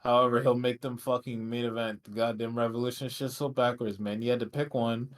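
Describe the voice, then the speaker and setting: A man's voice: mid-range voice, little pitch movement, a little fast. Man ranting sarcastically on a podcast. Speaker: podcast co-host. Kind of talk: casual wrestling podcast chat.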